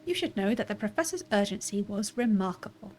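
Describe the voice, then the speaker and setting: A woman's voice: mid-range voice, lively intonation, a little fast, a little mellow, soft background music, close to an everyday voice. A woman reading a stiff, polite robot servant. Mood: formal. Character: formal, dutiful male robot servant. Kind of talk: reading game dialogue aloud.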